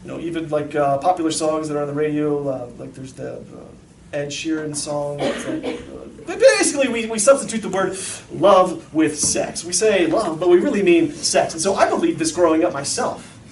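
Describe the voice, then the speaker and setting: High-voiced man talking in an echoey hall. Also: normal speed. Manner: storytelling, animated, lots of fillers. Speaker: speaker at a parent talk. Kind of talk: casual talk to an audience. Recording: echoey hall from far off, faint noise.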